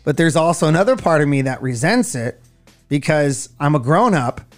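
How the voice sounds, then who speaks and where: A man's voice: on the high side, normal speed, faint music behind. A middle-aged man co-hosting a radio show, chatting casually and telling stories with lots of expression. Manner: animated storytelling, acts out voices. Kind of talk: casual chat.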